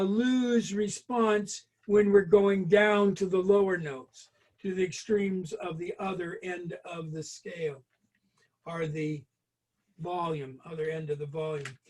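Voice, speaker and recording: A man with a notably high voice walks a group through trumpet exercises. He talks casually and haltingly, with plenty of ums and restarts. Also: a little mellow. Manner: chatty, hesitant, many ums and restarts. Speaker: group brass lesson leader. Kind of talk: casual spoken music lesson.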